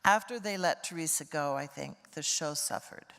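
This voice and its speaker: A woman's voice: deep voice, normal speed, creaky, a bit bright, in a large hall. An older woman, a guest actress, telling candid, wry anecdotes in a casual interview.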